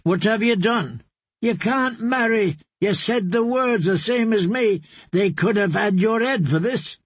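A man's voice: high voice, animated, measured pace, slightly rough, dry recording, voice pushed up, exaggerated voice. A man doing a timid earnest young man. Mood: earnest pleading. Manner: pleading, earnest.

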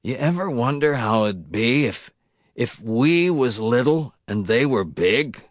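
A man reading the part of a fearful, complaining mill worker who talks in rough, doleful speech. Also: mid-range voice, lively intonation, a little slow, dry recording, studio quality, voice pushed up, natural voice. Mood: miserable.

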